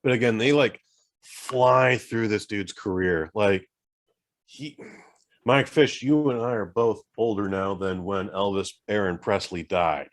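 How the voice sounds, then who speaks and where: A man's voice: fairly low pitch, a little slow. Rambling podcast co-host, man. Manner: rambling, animated storytelling with fillers. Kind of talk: casual chat.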